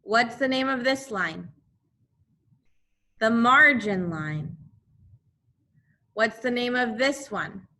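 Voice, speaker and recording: A woman teaching a second grade class remotely, slowly repeating drills for the children. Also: on the high side, expressive, bright, forceful tone.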